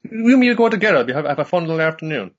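A man voicing a kind, earnest young girl from a cartoon, in a gentle coaxing way. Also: fairly high pitch, big pitch swings, rapid-fire, husky, dull audio, voice pushed up. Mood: cheerful.

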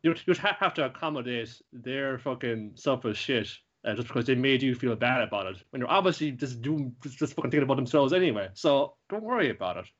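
A man's voice: medium pitch, animated, fast talker, few pauses. A young man hosting a podcast, rambling casually through an anime recap with lots of swearing and fillers. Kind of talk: casual chat. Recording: dull lo-fi recording.

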